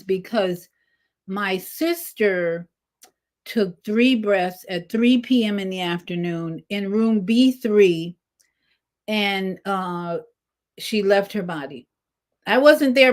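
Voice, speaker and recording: A woman hosting a conversational interview, talking emphatically and animatedly, jumping up in pitch when she quotes people. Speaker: host. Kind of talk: casual interview chat.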